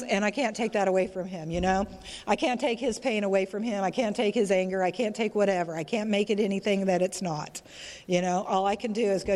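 A woman's voice: mid-range voice, darkish tone. A middle-aged woman speaking candidly at a recovery meeting, emotional and frank, swearing freely and often asking "you know?". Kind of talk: candid personal share, casual and profane. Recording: long hall reverb.

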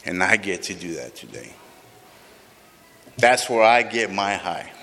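A man's voice: low-pitched, very animated, measured pace, vocal fry, pushed and bright. A man sharing his recovery story with a group, raw and emotional, swearing often, heard in a large room. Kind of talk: personal recovery testimony to a group. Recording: long reverb of a large hall.

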